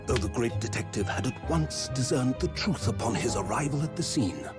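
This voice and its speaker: An actor narrating a Victorian mystery with ornate, solemn, theatrical delivery. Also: male voice, medium pitch, animated, moderate pace, loud music behind the voice, natural voice. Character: male storyteller recounting a Victorian mystery. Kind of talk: dramatic period narration.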